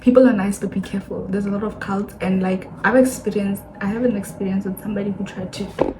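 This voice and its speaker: A woman in her twenties from Botswana with a Botswana accent, chatting casually to camera in a sit-down vlog, animated and acting out the people she quotes. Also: medium pitch, fast talker, noisy background. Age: 20s. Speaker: vlogger. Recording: echoey room, faint ambience.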